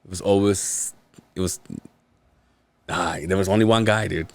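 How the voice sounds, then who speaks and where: A man's voice: low voice, fairly even intonation, moderate pace, dry recording. A man hosting a podcast, telling rambling, profane work stories in casual chat and laughing often. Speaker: podcast host. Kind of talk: casual storytelling.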